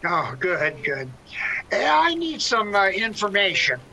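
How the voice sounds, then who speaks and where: A woman's voice: medium pitch, sing-song, slow, creaky, sharp tone, a little hiss or hum, full character voice, low-quality recording. A woman voicing a lonely, chatty older male caller who rambles in a friendly way.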